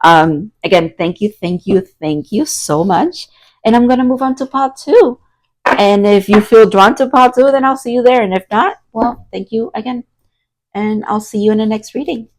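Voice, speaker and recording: A young woman giving a tarot card reading to her viewers, excitable and prone to loud outbursts and laughter. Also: a little high, moderate pace, low-quality recording. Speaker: tarot reader.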